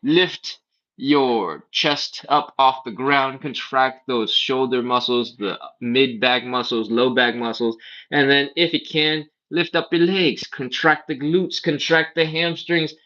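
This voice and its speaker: A fitness instructor with a mid-range voice and a bright, forceful tone takes it slowly, his intonation fairly even, while he streams a stretching class live. He cues each move while doing it on the floor, explaining casually and checking in with "all right?" The audio is muffled.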